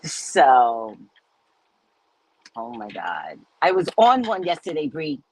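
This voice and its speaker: A woman's voice: very deep voice, huge pitch swings, takes it slowly, slightly rough, rough recording. A woman hosting a live stream, chatting casually and telling stories with frequent laughter. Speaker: host of live readings.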